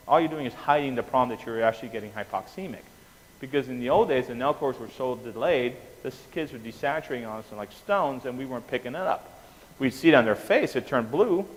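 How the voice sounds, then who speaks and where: A man giving an anesthesia lecture, animated, quizzing the class and often checking in with "okay?". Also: medium pitch. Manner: animated, asks the class questions, keeps saying "okay?". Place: lecture room. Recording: reverberant hall with faint noise.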